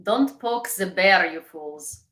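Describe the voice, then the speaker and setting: A woman voicing a pompous male online troll, slow and drawn-out. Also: fairly low pitch, animated, bright, forceful tone, heavily acted. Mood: menacing. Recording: echoey room.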